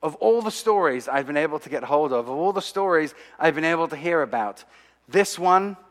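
Male speaker, fairly high voice, dramatic storytelling testimony, long hall reverb. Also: a little fast. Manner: animated, dramatic storytelling with asides to the audience. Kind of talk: sermon-style storytelling.

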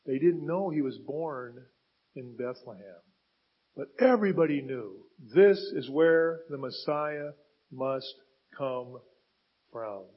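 A man's voice: medium pitch, lively intonation, slow pace, husky, lo-fi sound. A man preaching a sermon as a pastor, retelling scripture with dramatic rises and falls in emphasis.

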